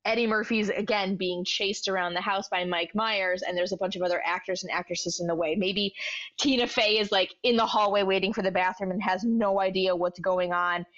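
A woman's voice: medium pitch, fairly even intonation, a little fast, a bit bright. Young woman, podcast co-host, rambling storyteller, dull lo-fi recording. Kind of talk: casual comedic chat. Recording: dull lo-fi sound.

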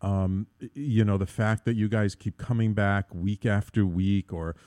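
A man's voice: lowish voice, fairly even intonation, unhurried, mellow, no echo, studio quality. A man hosting an internet radio talk show, earnest and upbeat, rambling with many fillers and restarts. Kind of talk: casual radio talk monologue.

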